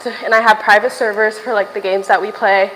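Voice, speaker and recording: A woman's voice: mid-range voice, fairly even intonation, brisk, fairly bright tone, big-room sound, a little hiss or hum, rough recording. A young woman livestreaming from a gym while walking on a stair machine, chatting casually to viewers, a little out of breath and swearing now and then.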